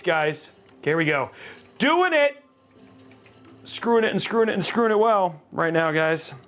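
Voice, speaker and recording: Animated man hosting a live build stream. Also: high voice. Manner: animated, jokey, chatting with viewers. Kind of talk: casual live-stream chat while building.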